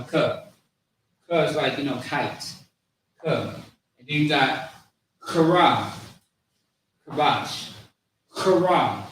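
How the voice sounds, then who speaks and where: A man teaching a language class, slowly repeating each word and its meaning, in an informal way with many fillers. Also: mid-range voice, fairly bright tone, a little hiss or hum. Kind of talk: classroom lesson. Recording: very echoey room, distant mic, faint ambience.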